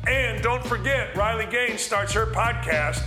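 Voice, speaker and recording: A man hosting a sports talk show, ranting bluntly and loudly. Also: sits high, unhurried, echoey room, music in the background. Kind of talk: fired-up sports radio rant.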